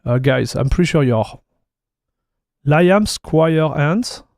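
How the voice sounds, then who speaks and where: A man's voice: a little high, animated, slow, vocal fry, a little mellow, dry recording, clean studio sound. A man from France with a French accent, chatting casually with his live-stream chat as a tech streamer, laid-back and calling everyone "dude". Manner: laid-back, says "dude" a lot, reads chat aloud.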